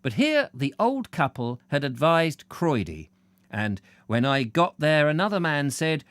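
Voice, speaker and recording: A male audiobook reader with a lively, expressive voice that rises and falls freely. He reads a travel book and keeps wandering into playful, digressive, self-mocking asides. The sound is dry and close, with no room echo. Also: on the high side, measured pace.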